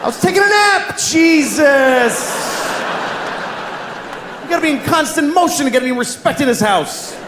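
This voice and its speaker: A man voicing an indignant pet fish being flushed down a toilet, shouting in outrage. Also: extremely high pitch, animated, moderate pace, long pauses, noisy background, voice pushed up. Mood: panicked outrage. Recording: echoey live venue with crowd ambience.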